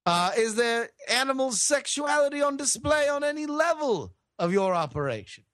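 A man's voice: very high voice, big pitch swings, normal speed, a bit bright, no echo, studio quality, heavily acted. A man playing a pompous detective with a put-on British accent, formal and long-winded, full of hesitant "uh"s. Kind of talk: improvised comedy role-play.

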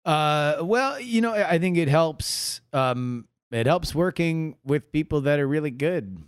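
Stammering humble man, smooth dry voice. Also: on the high side, lively intonation, measured pace, no echo. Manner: stammering, humble, repeats words. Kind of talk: casual podcast chat.

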